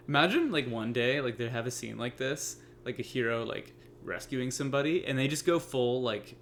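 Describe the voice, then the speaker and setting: A man's voice: medium pitch, animated, normal speed, background noise. Laid-back swearing guy chatting anime. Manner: laid-back, swears casually, lots of fillers. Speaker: podcast co-host. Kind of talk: casual chat.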